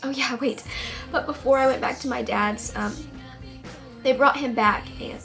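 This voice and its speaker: A tearful young-sounding woman, speaking to camera. She rambles and trails off, restarting her sentences as she fights back tears. Faint music plays softly behind her. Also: high-pitched, steady tone, moderate pace, creaky. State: tearful, on the edge of crying. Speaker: singer-songwriter vlogger. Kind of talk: emotional personal storytelling to camera.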